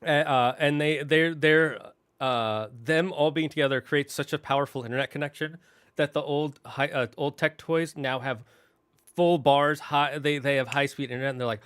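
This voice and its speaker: A man's voice: a little high, steady tone, moderate pace, a bit bright, smooth, no room sound. A young adult man hosting a gaming channel, casually recapping a story in a rambling, self-correcting way with plenty of restarts and fillers. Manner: emotional, tearing up.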